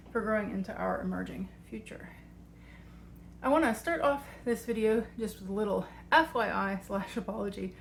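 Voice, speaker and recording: A woman's voice: on the high side, gravelly, slight background noise. A woman, out of breath, hosts her channel and explains a tarot practice in a chatty, rambling way. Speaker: tarot coach and channel host. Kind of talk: casual video walkthrough.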